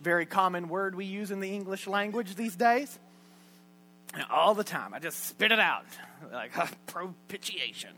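A man preaching a sermon in a church, folksy and joking, shifting between loud and hushed lines. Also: sits high, normal speed. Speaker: pastor. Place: church sanctuary.

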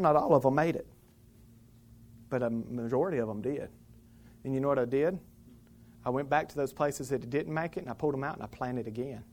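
A pastor preaching a sermon in church, moving from calm teaching into loud, fiery exhortation. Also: medium pitch, slight background noise.

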